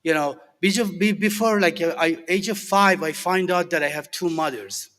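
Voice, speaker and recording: Middle-aged Persian-accented man, earnest halting recovery share, slightly high voice, long hall reverb. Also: fairly bright tone. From Iran. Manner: halting, many fillers and restarts, earnest. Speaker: recovery alumni speaker. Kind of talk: personal recovery share to a group.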